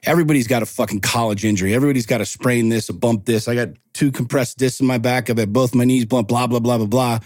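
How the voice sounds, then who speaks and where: A man's voice: medium pitch, fairly even intonation, quick pace, few pauses, no echo, clean studio sound. A man in his forties speaking as a podcast guest, telling stories in a blunt, profane and impassioned way. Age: 40s. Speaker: podcast guest, men's coach. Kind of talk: casual interview talk.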